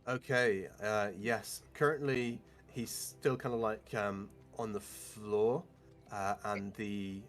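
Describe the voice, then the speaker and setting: Brief: unhurried man running a tabletop game, lowish voice, faint music under. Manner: relaxed, hesitant, many fillers. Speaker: game master.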